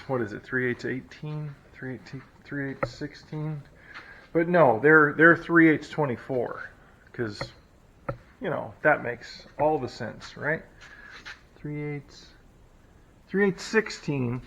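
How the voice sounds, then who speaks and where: A man hosting a shop vlog, chatting casually and joking at himself as he works out a build step by step. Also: medium pitch. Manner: chatty, self-deprecating, thinks out loud. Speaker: hot rod builder and channel host. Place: home workshop, hot day. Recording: muffled audio, faint shop noise.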